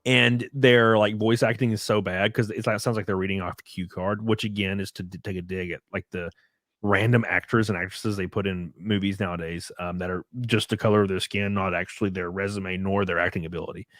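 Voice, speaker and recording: A man's voice: deep voice, level tone, a little fast, a bit bright, no echo, studio quality. Rambling man hosting a casual stream. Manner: rambling, filler-heavy retelling. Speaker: streamer host. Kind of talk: casual podcast chat.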